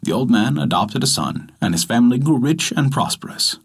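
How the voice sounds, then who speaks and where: Guy narrating an old folk tale on a story podcast, really animated delivery, kinda husky voice. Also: mid-range voice, fairly quick. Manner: lively, expressive storytelling. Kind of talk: scripted narration.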